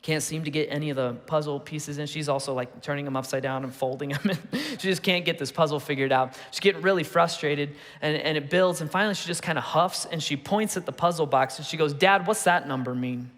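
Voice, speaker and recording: A man in his thirties gives a sermon in a loose, conversational way, asking his listeners questions as he tells a story. His voice is on the higher side. The sound rings with a long reverb from a large church hall. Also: brisk, hardly any pauses, a bit bright. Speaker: pastor. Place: church auditorium.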